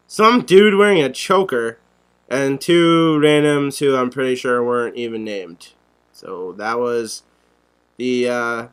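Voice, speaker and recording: Blunt, sarcastic young man, smooth voice. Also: medium pitch, a bit bright. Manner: blunt, sarcastic, swears a lot. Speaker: podcast co-host. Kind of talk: casual podcast chat.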